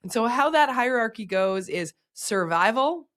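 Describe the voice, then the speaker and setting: A woman hosting a podcast with a hoarse, sick voice, explaining health topics in casual chat. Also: fairly high pitch, expressive, unhurried, fairly bright tone. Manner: upbeat, explains physiology step by step. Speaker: podcast host.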